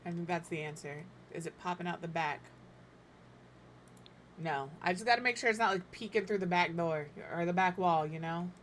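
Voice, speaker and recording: A woman's voice: fairly low pitch, moderate pace, slight background noise. Chatty millennial woman thinking aloud. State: talking while eating. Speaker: game builder streamer. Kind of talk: casual build commentary.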